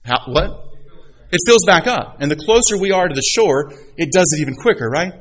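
A man's voice: fairly high pitch, expressive, moderate pace, fairly bright tone, slightly rough, low-quality recording. Middle-aged man preaching a sermon. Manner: storytelling with rhetorical questions and scripture readings. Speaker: pastor.

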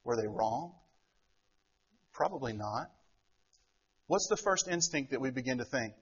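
A man's voice: medium pitch, normal speed, long pauses, husky, muffled recording. A middle-aged man preaching a sermon, who keeps asking the congregation rhetorical questions. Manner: asks rhetorical questions, acts out quoted voices. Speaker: pastor.

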